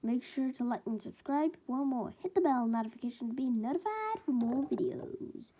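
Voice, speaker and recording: A woman's voice: sits high, animated, normal speed, mellow. A woman casually narrating a fan-made story, with rambling, chatty asides.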